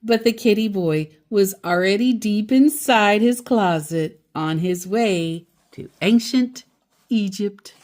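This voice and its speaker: A woman reading a picture book aloud to a child in an expressive, playful way. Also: mid-range voice, slow pace. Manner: expressive, playful, laughs along. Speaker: storyteller.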